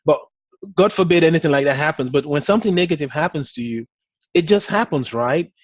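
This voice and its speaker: A man's voice: fairly high pitch, lively intonation, fairly quick, no echo. Man coaching in a dry, muffled recording. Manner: conversational and encouraging, many "you know" fillers. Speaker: business coach. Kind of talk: motivational talk to an audience.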